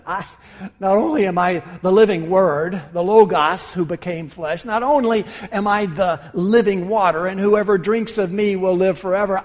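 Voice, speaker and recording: Preacher, male, high voice, emphatic sermon delivery, reverberant hall sound. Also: normal speed. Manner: emphatic, addresses listeners as brothers and sisters.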